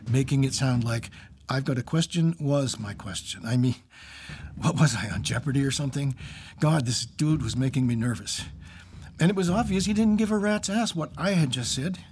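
A male English teacher narrates his own story with a wry, self-mocking humor. His pitch sits at an ordinary middle for a man, and he moves between dry asides and tense buildup. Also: normal speed, darkish tone, slight background noise.

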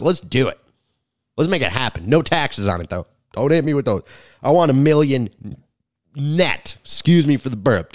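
Here a comedian talks his way through a loose, crude podcast monologue from his home garage, wandering off and cutting himself short. The man's voice is mid-range, and the sound is clean studio audio without echo.

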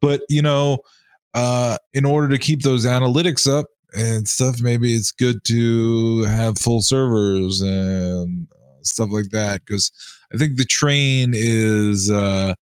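A man joining in on casual podcast banter with deadpan, joking asides, often wandering off his point. His voice is mid-pitched and the sound is dry and close. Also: slow pace, clear, resonant tone, no echo. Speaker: podcast co-host.

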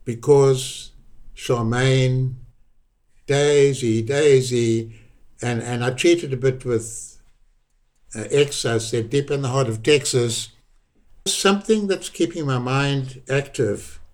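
A man's voice: mid-range voice, slow, a little mellow. An older man with a South African accent, a guest telling a personal story in a reflective way and repeating words for emphasis. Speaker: interview guest.

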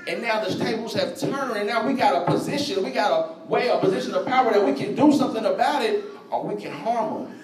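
Brief: male preacher, slangy and conversational, high voice, echoey hall from far off. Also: lively intonation, fairly quick, crowd noise. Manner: conversational, slangy, addresses congregation directly. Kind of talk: sermon.

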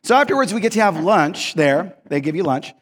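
A male pastor preaching a sermon, animated and self-mocking, acting out the people in his stories. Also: high-pitched, fairly quick, slightly rough. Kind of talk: sermon with comic storytelling. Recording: long reverb of a large hall.

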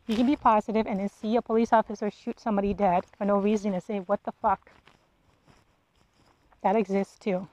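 A woman's voice: mid-range voice, a little mellow, dull audio. A woman hosting a solo podcast, ranting bluntly with profanity and rhetorical questions. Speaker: podcast host. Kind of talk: solo monologue rant.

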